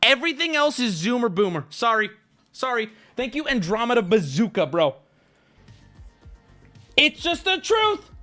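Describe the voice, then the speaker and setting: High, lively, riled-up male streamer. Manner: profane, stammering, riled-up storytelling. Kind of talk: casual livestream rant.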